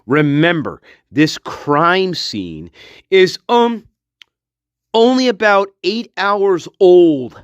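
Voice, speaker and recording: High, animated man ranting and swearing. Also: very slow, clear, resonant tone, no room sound, dull audio. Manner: shouting, swearing, mocking. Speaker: online commentator. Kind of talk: ranting commentary.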